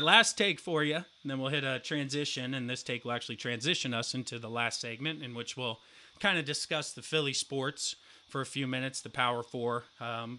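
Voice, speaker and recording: A young man in his twenties co-hosting a casual sports podcast, telling a profane story and acting out the quotes loudly. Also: medium pitch. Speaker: podcast co-host.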